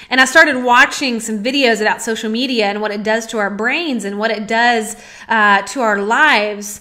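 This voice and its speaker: A woman's voice: on the high side, moderate pace, sharp tone. A woman in her thirties hosting a podcast, giving an earnest and emotional personal monologue that builds to heartfelt pleas. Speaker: podcast host.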